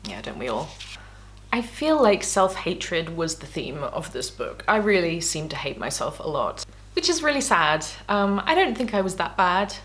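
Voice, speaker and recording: A woman's voice: fairly low pitch, very animated, normal speed, fairly bright tone. A woman vlogging casually as she reads her old diaries aloud, candid and self-mocking, laughing often. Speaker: YouTuber.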